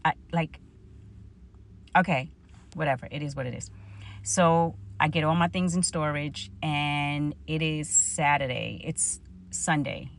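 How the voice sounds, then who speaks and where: A woman tells a personal faith story. She acts out the back-and-forth of her own past conversations. Her voice has a gravelly edge, and a faint hiss sits under the recording. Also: deep voice, measured pace. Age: 40s. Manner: storytelling, animated retelling of her own dialogue. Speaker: vlogger.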